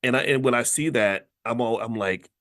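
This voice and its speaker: A man's voice: mid-range voice, normal speed, a bit bright. Blunt, lecturing middle-aged man. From Louisville, Kentucky. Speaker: commentator host. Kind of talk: casual monologue.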